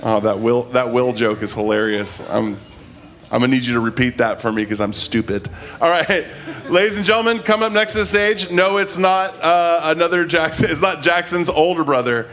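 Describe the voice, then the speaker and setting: A man's voice: on the high side, normal speed, a bit bright. A man hosting a live comedy show, joking and introducing the next comedian. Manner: joking, hypes the next act. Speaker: emcee.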